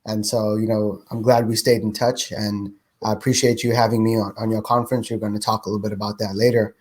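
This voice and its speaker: A man hosts a podcast interview in a low voice, relaxed and conversational as he welcomes and chats with his guest. His tone is easygoing and unhurried. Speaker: podcast host. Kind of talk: casual interview chat.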